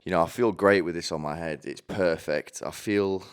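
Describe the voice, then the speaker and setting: A man delivering a rambling comedic monologue in a deadpan way, often stumbling and restarting his sentences. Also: deep voice, normal speed, smooth. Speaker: comedy vlogger.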